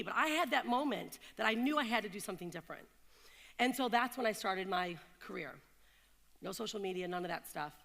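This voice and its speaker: A woman with a high, gravelly voice speaks in a live talk, telling stories and asking the crowd questions. Her tone is bright and a little sharp, and the long reverb of a hall trails each phrase. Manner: animated storyteller, asks the crowd questions. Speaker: keynote speaker. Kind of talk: motivational talk to an audience. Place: event hall in London.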